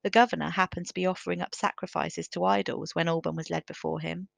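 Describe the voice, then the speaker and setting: Woman narrator, storybook reading, gravelly low voice, dry close sound. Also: steady tone, no room sound. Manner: measured, careful reading.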